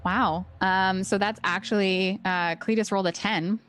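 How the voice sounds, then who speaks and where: A woman running a tabletop game as game master, explaining rules in a relaxed, chatty way. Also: mid-range voice, measured pace.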